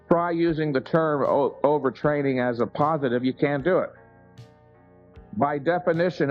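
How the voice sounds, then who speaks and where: A man with a slightly high voice lectures a seminar audience with emphatic conviction, firing rhetorical questions and answering them himself. The sound is a dull, lo-fi old tape with faint music running underneath. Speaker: seminar speaker. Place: seminar room before an audience.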